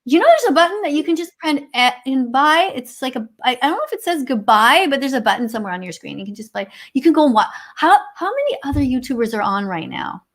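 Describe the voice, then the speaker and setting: A woman's voice: high voice, big pitch swings, quick pace, few pauses. A Canadian woman co-hosting a livestream over a video call, reading out chat comments and answering them sarcastically, with some swearing. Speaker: livestream co-host.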